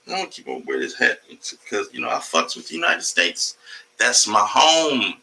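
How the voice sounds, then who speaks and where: A man's voice: medium pitch, sing-song, normal speed, bright, forceful tone, slight background noise, rough recording. A man doing a casual, rambling comedy livestream from home, profane and jumping between topics, talking to his cat along the way. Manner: talks to his cat mid-stream.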